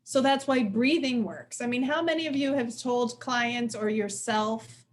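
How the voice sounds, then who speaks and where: A woman in her forties giving a casual, lively workshop talk. She talks fast and acts out quoted voices with sudden jumps up in pitch. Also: slight background noise. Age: 40s. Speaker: presenter of a workshop on stress. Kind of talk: casual live lecture.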